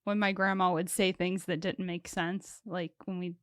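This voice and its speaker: A woman's voice: fairly low pitch, flat delivery, normal speed, a bit bright, dry recording. Woman cohost cracking sarcastic jokes, casual chat, dead dry sound. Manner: sarcastic quips and reactions. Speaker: podcast co-host.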